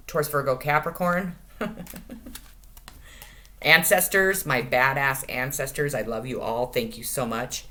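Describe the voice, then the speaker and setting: A woman giving a casual tarot reading to her channel, crude and profane, jumping between loud cries and quiet asides. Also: a bass voice, measured pace, long pauses. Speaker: tarot reader.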